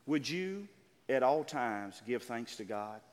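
An older man preaching a sermon as pastor, calling out to his congregation and drawing out key words slowly. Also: mid-range voice, animated, big-room sound. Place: church sanctuary.

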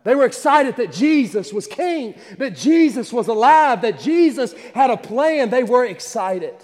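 A man's voice: very high-pitched, sing-song, a little slow, a little mellow, big-room sound. A man preaching a fervent, repetitive livestreamed Easter sermon in a small church, with frequent restarts.

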